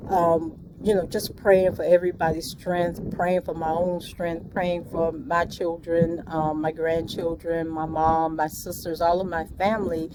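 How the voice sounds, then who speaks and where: A woman's voice: fairly low pitch, little pitch movement, unhurried, hardly any pauses. A middle-aged woman rambling earnestly and prayerfully on a morning walk, talking into a handheld phone with many ums. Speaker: vlogger. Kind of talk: rambling walk-and-talk monologue. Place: outdoors on a morning walk by the bay. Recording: outdoor traffic and wind noise.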